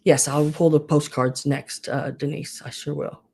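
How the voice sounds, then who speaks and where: A woman hosts a live sale, calling bidders by name in an easy, chatty way. Her voice sits low and mellow, and she talks slowly and unhurriedly. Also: flat delivery, vocal fry, breathy edge. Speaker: live auction seller. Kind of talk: casual live sale auctioneering.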